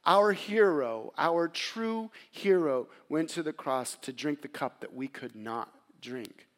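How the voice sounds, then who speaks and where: Preaching man, fairly high voice. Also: lively intonation, slow. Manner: dramatic, acts out the voices of biblical figures; drops to a near whisper at tender moments. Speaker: pastor. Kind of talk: sermon.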